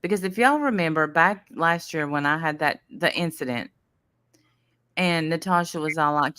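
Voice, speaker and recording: A woman's voice: fairly low pitch, normal speed, pushed and bright, clear, resonant tone, no echo, studio quality. A woman hosting a casual commentary chat, playful, often stammering and restarting. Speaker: channel host.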